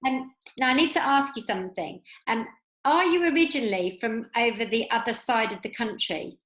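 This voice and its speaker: A woman's voice: on the high side, normal speed, a bit bright, roomy sound, rough recording. A woman hosting a podcast who talks casually and enthusiastically, gushing with praise for her guest. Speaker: podcast host.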